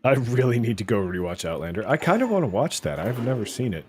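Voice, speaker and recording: A man's voice: medium pitch, sing-song, fast talker, darkish tone, slight background noise. A man giving casual, chatty commentary while playing a video game, often hesitant and wry. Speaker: gameplay streamer.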